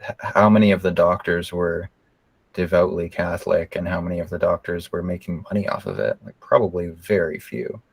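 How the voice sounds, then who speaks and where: Deep, gravelly-voiced man in dry chat. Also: fairly quick, no room sound. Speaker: podcast co-host. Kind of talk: casual chat.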